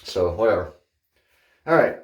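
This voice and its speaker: Casting note: low-pitched male vlogger, chatty and digressive, recorded from a distance in an echoey bathroom. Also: measured pace. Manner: chatty, digressive, animated when telling stories. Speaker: wet shaving channel host. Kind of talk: casual rambling chat. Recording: roomy sound from off-mic.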